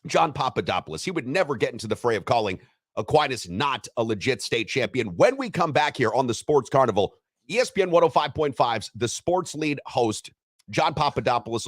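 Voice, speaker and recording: Guy hosting sports talk, bouncy animated voice, dry close mic. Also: mid-range voice, a little fast, no echo. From Western Wisconsin. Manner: animated, teasing, lively delivery. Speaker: co-host of a sports radio show. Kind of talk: casual sports talk radio.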